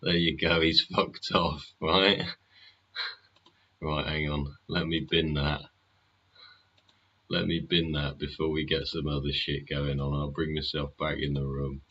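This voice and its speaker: A man's voice: rumbling low, flat delivery, measured pace, pauses often, sharp tone, muffled recording. A man hosting a live stream, chatting casually and sardonically, swearing often and asking rhetorical questions. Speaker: livestream host.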